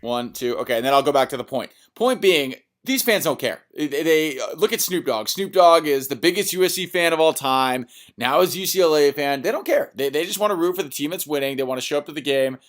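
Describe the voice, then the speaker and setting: A man's voice: fairly high pitch, animated, brisk, hardly any pauses. A man co-hosting a casual sports podcast, joking and needling his co-host with leading questions.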